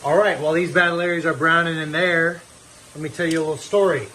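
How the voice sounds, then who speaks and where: A man's voice: fairly high pitch, fairly even intonation, quick pace, bright, forceful tone, a little hiss or hum, low-quality recording. A man casually talking through a recipe as he cooks in his home kitchen, in a chatty, joking way. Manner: chatty, jokey, upbeat. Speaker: home cooking vlogger. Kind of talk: casual cooking demo.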